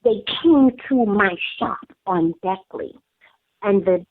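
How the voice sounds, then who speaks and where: A middle-aged woman, a hair braider, calls in to an interview and tells her story with emphatic, animated energy, acting out the voices of the people involved. Her voice sits at a middle pitch and comes through a tinny telephone line with a dry, close sound. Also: slow, no room sound. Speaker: guest, hair braider and school founder.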